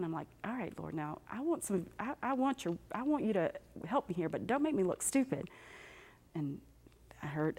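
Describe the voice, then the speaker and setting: A woman telling her personal faith testimony to an audience in an animated, conversational way with self-deprecating humor. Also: sits low. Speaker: speaker giving a personal testimony. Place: standing before a live audience.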